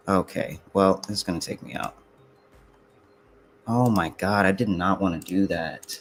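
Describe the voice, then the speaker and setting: A young man with a very low, deep voice mutters his way through a live trading stream, cursing and grumbling at himself. He talks casually to his viewers between exasperated outbursts. A faint hiss of room noise sits under the voice. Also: a little slow, long pauses. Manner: frustrated, swearing, muttering to himself. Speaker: livestreaming futures trader.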